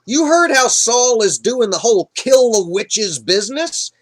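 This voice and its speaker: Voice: medium pitch, expressive, pitched above the performer's own voice, lightly acted. A livestream narrator voicing a brash, frightened village witch who cusses indignantly, in an improvised comic Bible retelling. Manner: indignant, profane, rapid-fire.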